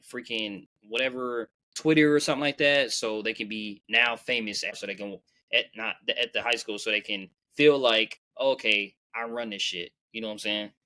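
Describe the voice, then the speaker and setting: Young man, podcast host, casual storytelling, rambling, repeats himself, bright tone. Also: medium pitch. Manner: rambling, repeats phrases, slangy.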